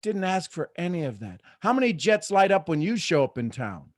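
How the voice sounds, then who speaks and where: A man hosting a live motivational morning show, preaching with soft asides and sudden loud bursts of excitement. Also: sits high, fairly quick, no room sound, clean studio sound. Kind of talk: energetic motivational talk.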